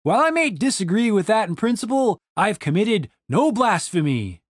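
A man's voice: high-pitched, very animated, moderate pace, dry recording, clean studio sound, pitched above the performer's own voice. A man doing a polite, earnest paladin. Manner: courteous, earnest, pleading.

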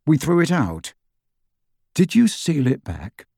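A man's voice: a little high, wildly swooping pitch, takes it slowly, gravelly, darkish tone, slightly rough, no room sound, clean studio sound, full character voice. A man voicing an urgent, commanding teenage boy wizard giving orders.

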